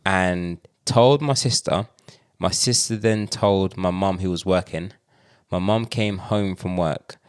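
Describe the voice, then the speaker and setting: A young man talks in a fairly low voice on a casual podcast. He tells stories with animation, often stumbling and restarting his sentences as he gets going. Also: slow pace, clear, resonant tone. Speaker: podcast co-host. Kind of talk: casual chat.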